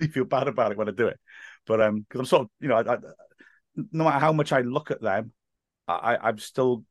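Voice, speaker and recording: A man who works as a football commentator, telling stories as a podcast guest in lively, laugh-filled casual chat. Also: medium pitch, no echo, clean studio sound. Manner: animated storyteller, laughs often, acts out quotes.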